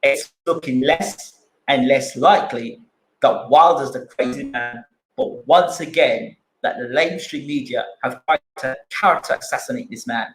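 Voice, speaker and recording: A man's voice: medium pitch, measured pace, echoey room, a little hiss or hum, low-quality recording. A man hosting a boxing channel live stream, arguing his points with repeated rhetorical questions and answering chat.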